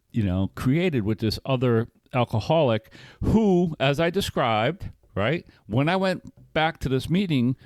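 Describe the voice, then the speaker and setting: A man's voice: medium pitch, a little mellow, no room sound. Man telling a personal recovery story. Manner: rambling, frequent restarts and "right?" tags. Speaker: podcast co-host. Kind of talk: casual storytelling in a recovery podcast.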